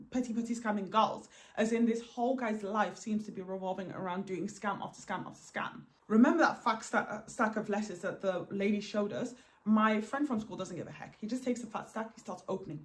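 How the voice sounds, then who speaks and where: This medium-pitched woman is a vlogger narrating her own dramatic story. She's animated and emphatic, frequently repeating words to drive a point home.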